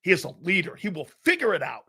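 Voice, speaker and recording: Male sports talk host, a bit high-pitched, boisterous and laugh-prone, loose storytelling delivery. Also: huge pitch swings, quick pace, bright, forceful tone, husky. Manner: boisterous, laughs often, tells anecdotes. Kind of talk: live sports talk show chat.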